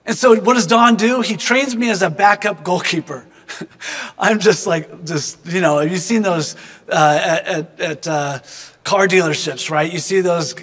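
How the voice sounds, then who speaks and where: A man with a high-pitched voice tells a personal story as a devotional reflection. He is earnest and thoughtful and keeps turning to address the listener. His voice carries a long reverb tail. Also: a bit bright. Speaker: speaker giving a devotional reflection.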